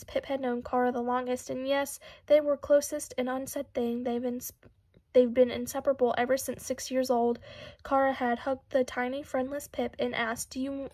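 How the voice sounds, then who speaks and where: A woman reading an audiobook in a steady, even narrating manner. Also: high-pitched, no echo. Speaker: audiobook reader.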